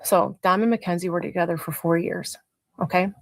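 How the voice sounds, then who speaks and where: A woman's voice: fairly low pitch, steady tone, a little fast. A middle-aged woman, a mother being interviewed on a casual livestream over a video call, rambling with many filler words. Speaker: mother of a teenager, interview guest.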